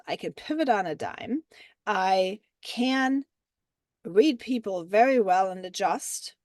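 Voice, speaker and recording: A woman with a German accent leading a mentorship group call, talking in a casual, animated coaching style full of "like" and "right?". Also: mid-range voice, no echo. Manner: animated and chatty, many fillers like "like" and "right?".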